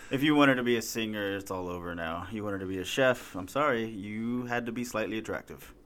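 Low-voiced man joking dryly. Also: fairly quick, fairly bright tone, a little hiss or hum. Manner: dry joking asides. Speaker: podcast co-host. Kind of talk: casual banter.

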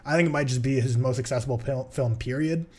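A man's voice: mid-range voice, fast talker, darkish tone. A young man, a podcast co-host, chatting casually and rambling through his film opinions with frequent restarts. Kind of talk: casual chat.

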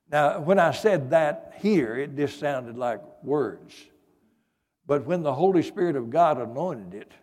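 This is a man preaching a story-driven sermon, earnest and folksy, leaning on little fillers as he goes. His voice sits a touch higher than most men's. Long reverb trails his words through a large church hall. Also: darkish tone. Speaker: pastor.

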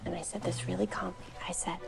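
A woman's voice: lowish voice, level tone, fast, vocal fry. An actress playing a teenage girl who earnestly recounts a family argument to her boyfriend, in a film clip with music behind. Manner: earnest, recounting quoted talk.

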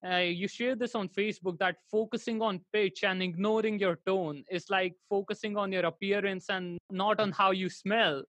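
A man's voice: sits high, fairly even intonation, normal speed, few pauses, a bit bright, dry recording. A man from India interviewing a singing teacher, agreeing and asking questions. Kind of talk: conversational interview over a call.

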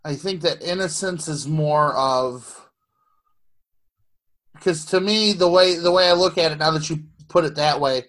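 A man's voice: on the high side, unhurried, fairly bright tone. A man in casual chat who asks questions and gives thoughtful answers, often repeating words as he starts. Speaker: podcast co-host asking questions.

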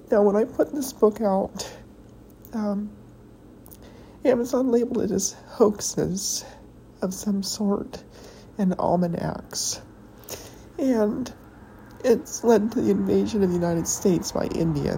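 A woman hosting a podcast, talking in a rambling, halting personal monologue while tearful and emotional. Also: medium pitch, gravelly, mellow, slight background noise, rough recording. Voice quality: halting, hesitant delivery with pauses. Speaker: podcast host.

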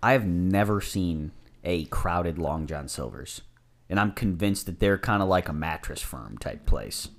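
Low-voiced guy with a lively, bouncy delivery. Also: a little slow, creaky. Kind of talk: casual chat.

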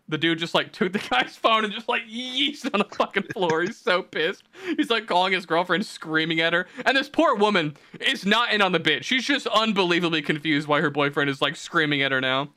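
Bright-voiced profane podcast host, a man. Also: high voice, brisk, hardly any pauses, dry recording. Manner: profane, animated storytelling. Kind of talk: casual chat.

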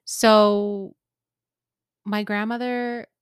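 A woman's voice: mid-range voice, level tone, very slow, smooth, no room sound, studio quality. A woman from Canada hosting a podcast, telling a personal story in a candid, casual way and often laughing. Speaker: podcast host.

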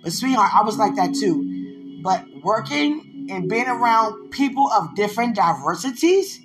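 A woman speaking in a casual, heartfelt monologue. She talks playfully and with affection, teases and laughs often, and swings between soft asides and loud bursts. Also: medium pitch, big pitch swings, measured pace, over music, poor audio. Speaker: vlogger addressing a loved one.

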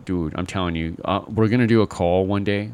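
A low-pitched man talks casually on a podcast, rambling through his thoughts with plenty of fillers. He leans on "you know" and "right?" and slips into animated impressions of the people he describes. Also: a little fast, clean tone. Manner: animated, mimics call-center agents in exaggerated voices. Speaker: podcast co-host. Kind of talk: casual chat.

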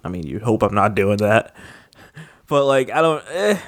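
A man's voice: lowish voice, lively intonation, unhurried, dry recording, studio quality. A man in casual chat, rambling with lots of filler words and a skeptical tone.

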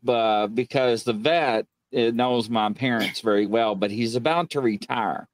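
A man's voice: medium pitch, a little slow, dry recording. A man, hosting a casual live-stream chat and telling funny stories. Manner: joking storyteller, laughs often. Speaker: show host.

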